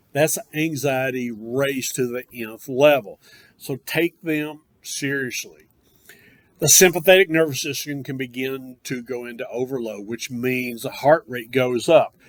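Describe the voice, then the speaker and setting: A man's voice: mid-range voice, dry recording. A man teaching a paramedic class, speaking emphatically and conversationally and addressing his students directly. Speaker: paramedic course instructor. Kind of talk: classroom lecture.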